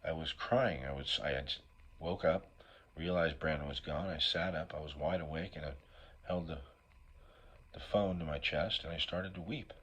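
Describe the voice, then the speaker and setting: A man's voice: rumbling low, moderate pace, fairly bright tone, slightly rough. A middle-aged man telling an emotional personal story as a recovery speaker. He talks in a raw, profane way, keeps asking "right?", and sounds sniffly from allergies.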